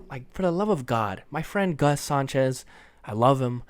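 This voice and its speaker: A man's voice: medium pitch, animated, normal speed, dry recording. A tired young man hosting his own podcast, rambling in casual chat, swearing freely and apologizing for himself. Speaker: podcast host.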